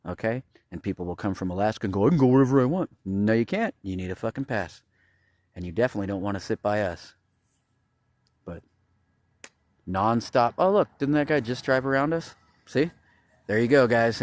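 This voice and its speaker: Low-pitched guy ranting outside at a campsite, swearing a lot, dry close sound. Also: dry recording. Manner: agitated, profane, points things out to viewers. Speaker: vlogger. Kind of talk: rambling outdoor vlog rant. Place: outdoors at a campground by his trailer.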